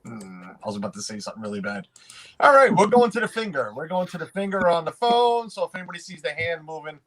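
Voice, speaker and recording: A man's voice: on the high side, sing-song, a crowd in the background. A man hosting a casual livestream, rambling with frequent restarts and laughs while greeting chat. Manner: rambling, self-interrupting, quick to laugh. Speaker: livestream host.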